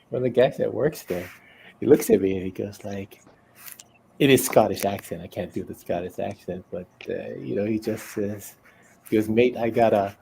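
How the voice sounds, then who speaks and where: A man's voice: fairly low pitch, vocal fry, mellow, a little hiss or hum, low-quality recording. A man telling a rambling story in casual chat among artists, laughing as he goes. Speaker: artist on a drawing livestream.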